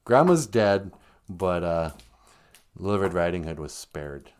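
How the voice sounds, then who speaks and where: A man's voice: low-pitched, animated, unhurried. Rambling joking male storyteller. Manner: rambling, with joking asides and self-corrections. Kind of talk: casual comedic storytelling on a live stream.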